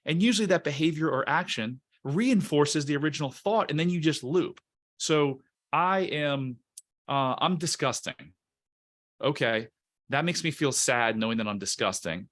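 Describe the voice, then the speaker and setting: A man's voice: a little high, moderate pace, a bit bright. A man on a podcast interview, explaining emotional self-help in an earnest, coaching way, often restarting words. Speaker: guest, coach.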